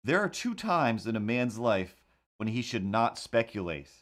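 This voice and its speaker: A man's voice: medium pitch, very animated, unhurried, a bit bright. A man chatting casually while he draws, rambling in a wry, incredulous way. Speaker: cartoonist streamer. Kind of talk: casual chat while drawing.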